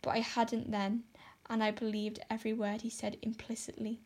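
A woman's voice: on the high side, monotone, moderate pace, darkish tone, lightly acted. Woman reading as melodramatic young Anne. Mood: pleading. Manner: melodramatic, pleading. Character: dramatic, despairing young orphan girl.

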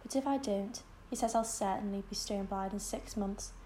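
A woman's voice: medium pitch, normal speed, warm tone, a little hiss or hum, natural voice. A woman voicing a weary, stern old spinster. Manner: weary, clipped and bitter. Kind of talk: audiobook character voice.

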